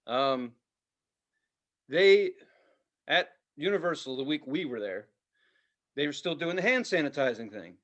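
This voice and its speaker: A man co-hosting a podcast in casual chat, telling profane, animated stories and mimicking voices. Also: fairly high pitch, measured pace, pauses often. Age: adult with a child. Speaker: podcast co-host.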